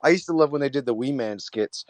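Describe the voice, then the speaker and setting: A man's voice: mid-range voice, fast, dry recording. A man hosting a livestream, telling crude stories in casual chat and laughing as he goes. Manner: laughing storyteller, crude jokes. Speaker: livestream host.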